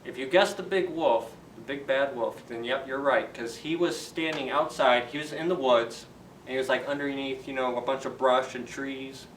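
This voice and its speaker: A man retelling a fairy tale for children's story time in a chatty, animated way, asking the kids questions. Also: mid-range voice, moderate pace, a little hiss or hum. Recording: roomy echo, distant from the mic.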